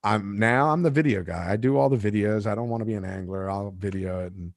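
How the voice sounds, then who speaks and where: A man hosting a casual podcast chat who tells his fishing stories with lively retellings and quoted lines. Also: lowish voice, a little fast, creaky, no echo, clean studio sound. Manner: animated storyteller, acts out shouts and quotes. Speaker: podcast host and fishing captain.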